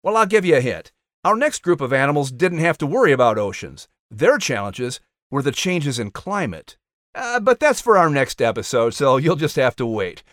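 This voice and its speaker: A man narrating and hosting a podcast, reading a scripted outro and promo in an animated announcer style. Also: mid-range voice, normal speed, dry recording, studio quality.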